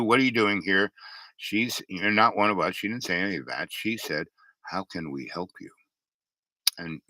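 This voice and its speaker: A man's voice: sits low, pushed and bright, no echo. A middle-aged man telling a meandering personal story, full of fillers and restarts. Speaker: vlogger. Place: lives in a converted school bus.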